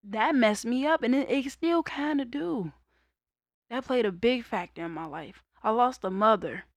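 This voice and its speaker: Candid high-voiced young woman, dry sound. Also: expressive, normal speed, dry recording. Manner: raw, conversational storytelling with loud bursts of laughter. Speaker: vlogger. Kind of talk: candid personal monologue.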